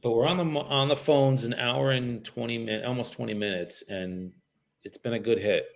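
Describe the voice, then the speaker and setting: Real estate agent from the US, cold-calling on a livestream; loose, joking, swears freely. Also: male voice, medium pitch, fairly even intonation, normal speed, gravelly. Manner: casual, profane and joking, with frequent laughs.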